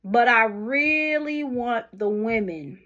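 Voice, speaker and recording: A woman's voice: fairly high pitch, animated, sharp tone. A middle-aged woman talking casually and unhurriedly to her viewers, asking them questions as she encourages them. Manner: unhurried, conversational, asks the listener questions. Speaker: vlogger. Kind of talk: casual motivational talk to camera.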